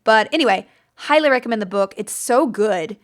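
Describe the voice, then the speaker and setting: Chatty, enthusiastic woman, higher voice. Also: lively intonation, brisk. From United States. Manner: chatty and enthusiastic, rambling with fillers and self-corrections. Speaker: podcast host. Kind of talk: casual book-recommendation chat.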